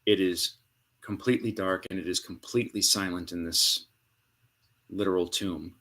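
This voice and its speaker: A man narrating a tabletop game as game master, with dramatic storytelling and hushed pauses. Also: low-pitched, fairly even intonation.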